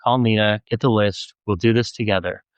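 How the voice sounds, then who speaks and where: A man reading an audiobook, voicing a calm, protective young man who speaks in a firm, steadying way. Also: lowish voice, a little fast, clean tone, no room sound, close to an everyday voice.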